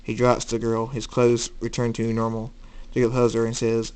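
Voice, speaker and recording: A man's voice: medium pitch, completely flat delivery, moderate pace, few pauses, a little mellow, clean tone. A man narrating his own fan story in a plain reading voice, with some restarts. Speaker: fan fiction reader.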